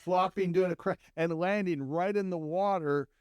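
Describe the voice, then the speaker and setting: A middle-aged man co-hosting a show, telling a story in a calm, low-key casual chat. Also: moderate pace, background noise. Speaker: co-host, therapist.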